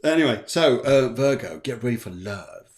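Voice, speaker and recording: A man's voice: medium pitch, expressive, moderate pace, a little mellow, slight background noise. A man hosting a live astrology show, chatting playfully and reading out viewer comments. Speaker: host.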